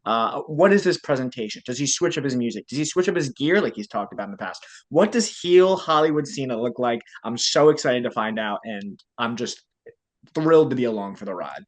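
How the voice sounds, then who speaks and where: A man co-hosting a casual wrestling podcast, talking enthusiastically in quick bursts. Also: mid-range voice, animated, rough recording. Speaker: podcast co-host. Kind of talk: casual wrestling review chat.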